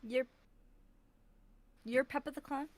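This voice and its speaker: A woman's voice: high-pitched, fairly even intonation, slow pace, no echo. A woman streamer in casual banter, foul-mouthed and mocking.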